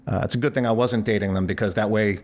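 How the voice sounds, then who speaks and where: Older male musician guest, animated storyteller who acts out the people in his anecdotes. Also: on the low side, quick pace. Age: 60s. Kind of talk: storytelling interview.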